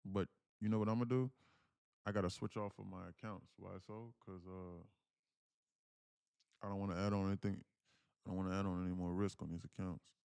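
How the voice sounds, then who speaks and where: A young man with a low, gravelly voice runs live trading commentary, chatting freely and thanking viewers as he goes. The sound is dry and close, with no room around it. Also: little pitch movement, a little fast, pauses often, darkish tone, no room sound. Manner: chatty, thanks viewers, switches to a higher put-on voice when reading comments. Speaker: day trader streaming live.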